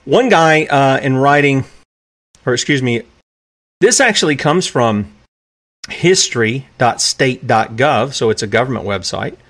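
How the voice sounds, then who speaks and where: A man's voice: mid-range voice, expressive, a little slow, a bit bright. A man hosting a solo commentary show, talking emphatically with restarts and asides, reading passages aloud from documents. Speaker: podcast host.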